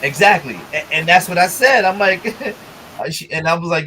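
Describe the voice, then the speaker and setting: A man's voice: a little high, lively intonation, moderate pace, sharp tone. A man co-hosting a casual podcast, animatedly retelling an argument with plenty of swearing and acting out both sides. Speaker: podcast co-host. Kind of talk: casual chat.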